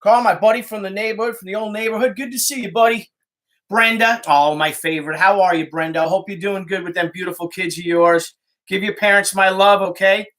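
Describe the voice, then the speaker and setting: A middle-aged man with a New York Italian-American accent and a slightly higher voice for a man. He rambles through a casual livestream from his phone, swearing freely and calling out hellos to viewers by name. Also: steady tone, a little fast, a bit bright. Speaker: comic artist hosting a livestream. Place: indoors, home studio with art supplies.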